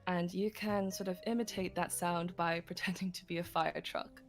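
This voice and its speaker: A woman's voice: fairly low pitch, steady tone, moderate pace, faint music behind. A woman teaching singing technique on a livestream, explaining step by step with frequent light laughs. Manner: patient, giggly, explains step by step.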